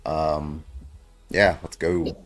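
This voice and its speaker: A man with a very low voice hosts a casual livestream, chatting loosely with his panel. He keeps calling on viewers with plenty of filler words and the odd swear. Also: flat delivery. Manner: loose and profane, drawn-out calls to viewers with filler "uh"s. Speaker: livestream debate host.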